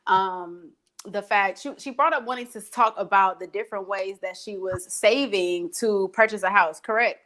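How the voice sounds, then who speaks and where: A woman's voice: mid-range voice, normal speed, a bit bright. Easygoing young woman co-host. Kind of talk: casual live-stream chat.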